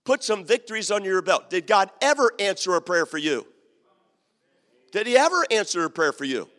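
A man's voice: sits high, very animated, a little fast, fairly bright tone. A male pastor preaching a sermon, emphatic and repetitive, acting out the quotes in his story. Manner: emphatic, repeats key lines, acts out quotes. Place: church sanctuary. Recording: long hall reverb.

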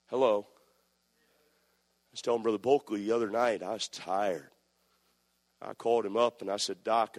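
A man, a pastor preaching a sermon, swinging from loud passionate peaks to quiet storytelling. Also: fairly low pitch, fairly even intonation, a little slow, long pauses. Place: church sanctuary. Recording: long reverb of a church hall.

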